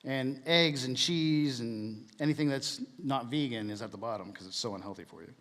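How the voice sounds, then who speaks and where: A man's voice: mid-range voice, moderate pace, fairly bright tone. Joking man preaching in a reverberant hall. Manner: conversational, jokey, asks the room questions. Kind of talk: casual church talk.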